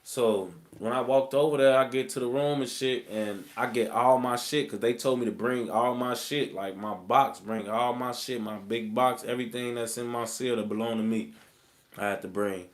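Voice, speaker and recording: A man's voice: medium pitch, steady tone, normal speed. A man, telling his own story in rambling, slang-heavy street talk full of fillers. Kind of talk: casual storytelling.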